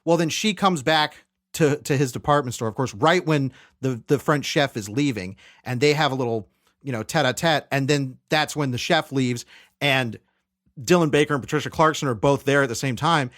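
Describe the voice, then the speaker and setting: A man co-hosting a movie podcast in casual chat, retelling scenes with lively quoted character lines. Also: mid-range voice, normal speed, no echo, clean studio sound. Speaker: podcast co-host.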